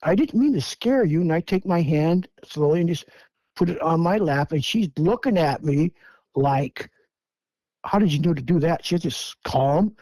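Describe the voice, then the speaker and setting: A man's voice: on the high side, a little mellow, dry recording. A man in his seventies from Washington State, a guest telling his story step by step and acting out the lines he quotes. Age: 70s. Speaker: guest eyewitness. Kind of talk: first-person storytelling.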